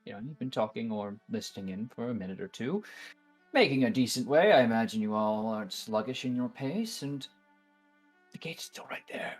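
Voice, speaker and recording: A man's voice: medium pitch, animated, fairly quick, slightly rough, faint music behind. A man narrating a tabletop game as game master in a conversational manner.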